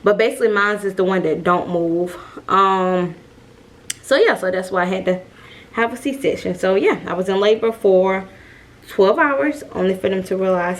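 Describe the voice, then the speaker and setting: A woman's voice: mid-range voice, moderate pace, slight background noise. A woman vlogger casually telling a personal story straight to her viewers, chatty and full of fillers, while she straightens her hair. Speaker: mom vlogger.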